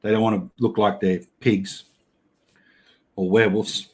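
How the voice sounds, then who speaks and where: A man's voice: lowish voice, level tone, measured pace, a little mellow, husky. A middle-aged Australian man hosting a casual livestream, reading chat and yarning in a laid-back way with blokey slang and frequent laughs.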